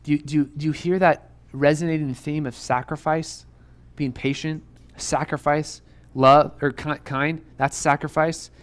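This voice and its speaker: A man's voice: on the high side, flat delivery, measured pace. A young adult man preaching to students, earnest and urgent, who keeps repeating rhetorical questions. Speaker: youth pastor. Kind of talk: sermon to students. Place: church youth room.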